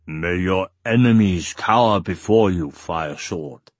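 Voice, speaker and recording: A man voicing a bulky male monster warrior who speaks slowly, solemnly and formally in a husky voice. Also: deep voice, no room sound, pitched below the performer's own voice. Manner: slow, solemn, formal speech.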